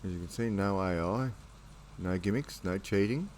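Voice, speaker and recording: A man hosting his own channel, talking calmly and unhurriedly in a relaxed late-night monologue at home before reading his poetry. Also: low voice, a little hiss or hum. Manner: calm, unhurried, rambling.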